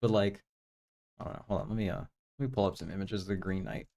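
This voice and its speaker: A man's voice: deep voice, fairly even intonation, quick pace, creaky, dark tone. A man hosting a live stream, casually reviewing movies in a rambling, laid-back way full of fillers. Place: home room with projector.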